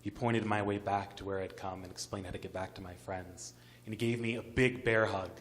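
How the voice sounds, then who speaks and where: A man narrating a personal story at a live story slam on an arts center stage, vivid and building suspense. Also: on the low side.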